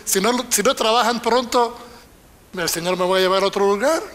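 High, bright-voiced older bilingual preacher. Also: male voice, fast talker. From Panama. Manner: switches between Spanish and English line by line, animated. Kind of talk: bilingual sermon.

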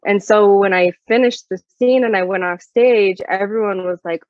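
A woman's voice: mid-range voice, moderate pace, no echo. A young woman, a guest singer-songwriter, telling a story in a casual interview with a chatty manner and many fillers. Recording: dull lo-fi dry sound.

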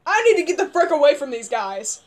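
A young woman commenting on her gameplay, panicking and yelling, her voice strained hoarse from screaming. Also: high voice, very animated, a little fast. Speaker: gamer.

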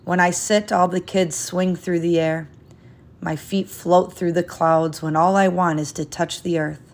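A woman reading a children's picture book aloud in a gentle, expressive, unhurried way. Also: fairly low pitch. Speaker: storyteller.

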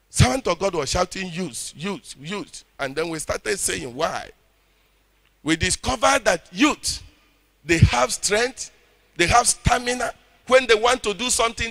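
Preaching with fervor, a Nigerian-accented man alternates between loud shouts and low, intense delivery. He urges the audience to answer back.

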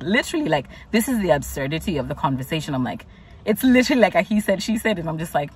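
A woman's voice: sits low, big pitch swings, fast, darkish tone, husky, distant mic. A woman vlogger casually recounting her week, exasperated and chatty, full of "like"s. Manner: chatty, exasperated retelling with many "like"s. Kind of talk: casual storytelling vlog.

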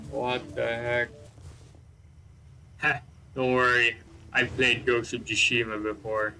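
Bright-voiced, profane gaming commentator man. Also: mid-range voice, slow pace, faint music behind, rough recording. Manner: excitable, swears constantly, jokes at characters on screen. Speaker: gameplay commentator. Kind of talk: let's-play commentary.

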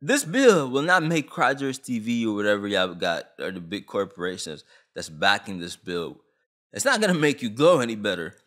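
A man's voice: lowish voice, sing-song, normal speed, fairly bright tone. A young man from Canada ranting on camera about a law, agitated, blunt and full of slang. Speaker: vlogger. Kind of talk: heated opinion rant.

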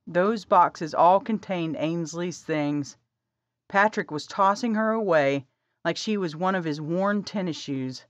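Low-voiced, slow woman narrator. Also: no echo. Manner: calm, measured reading. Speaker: audiobook narrator. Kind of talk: scripted narration. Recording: dry, slightly dull audio.

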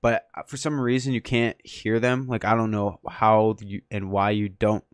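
Excitable young gamer guy. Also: lowish voice, normal speed, clear, resonant tone, no echo, clean studio sound. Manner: excitable, laughing, lots of "dude" and "yo"; soft-spoken and rambling in the intro. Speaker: gaming YouTuber. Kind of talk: casual gameplay commentary.

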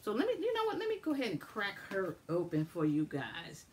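A woman chatting casually and excitedly to viewers as she shows and swatches makeup finds. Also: medium pitch, fairly quick, a little hiss or hum. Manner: chatty, excitable, addresses viewers as y'all and guys. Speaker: beauty vlogger. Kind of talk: casual makeup haul review.

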